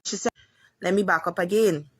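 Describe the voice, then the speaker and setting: A woman's voice: on the low side, a little fast, husky, no room sound. A woman with a Guyanese accent, a mother giving an emotional, repetitive account of her daughter's hospital care. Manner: pleading, repetitive retelling. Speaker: mother of a sick patient.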